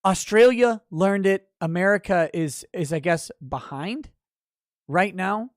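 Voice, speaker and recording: A male livestream host rants in a loose, profane style, laughing between lines. His voice leaps up in sudden loud bursts, then drops back to a mutter. The sound is dry and close, with no room echo. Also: high voice, a little slow. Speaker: livestream host reading chat. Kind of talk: casual livestream chat.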